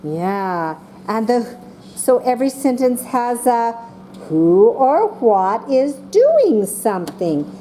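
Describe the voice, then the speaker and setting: A woman teaching a class of young children, speaking slowly and patiently and calling on each child by name. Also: fairly high pitch, slight background noise. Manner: slow and patient, calling on children by name, voicing excited examples.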